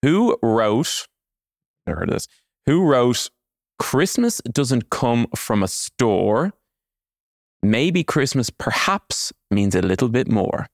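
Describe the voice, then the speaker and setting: A man's voice: medium pitch, sing-song, slow, creaky, no echo, clean studio sound. A man in his thirties hosting a casual quiz, teasing and joking with his co-host.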